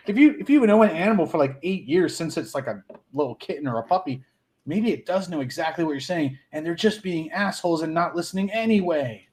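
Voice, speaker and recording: Joking, laughing podcast man, slightly high. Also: expressive, a little fast, a little mellow. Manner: crude, joking, laughs often. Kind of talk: casual podcast chat.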